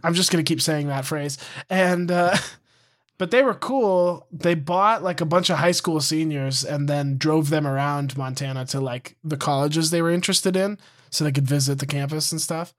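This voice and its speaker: Easygoing higher-voiced man chatting. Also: normal speed, fairly bright tone. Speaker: podcast co-host. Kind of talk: casual chat.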